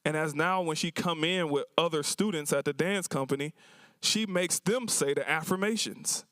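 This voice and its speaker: His voice sits on the high side and is fairly bright, delivered at normal speed with no room sound. The man, who runs a cafe, chats colloquially to a university symposium audience about his customers, acting out their words as he tells the stories.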